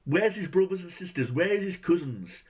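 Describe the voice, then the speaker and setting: Brief: male reviewer, higher voice, profane exasperated rant full of rhetorical questions. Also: expressive, normal speed, breathy edge. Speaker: movie reviewer. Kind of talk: profane ranting movie review.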